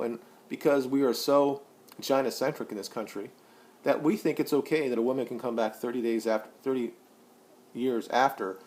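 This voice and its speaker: A man in his forties vlogs his opinions in a blunt, profane monologue that rambles with many restarts. As he gets worked up, his voice becomes loud and high.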